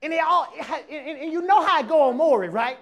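A man preaching a lively sermon to a church congregation, talking casually and acting out other people's voices as he goes. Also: very high-pitched, quick pace. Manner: animated preaching, acts out quoted voices, casual dialect. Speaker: pastor.

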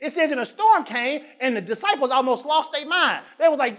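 A male pastor preaching a sermon, dropping to quiet asides and rising to shouted emphasis, repeating phrases and drawing out scripture lines. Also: very high-pitched, expressive, fairly quick, few pauses. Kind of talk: preaching a sermon with call-and-response.

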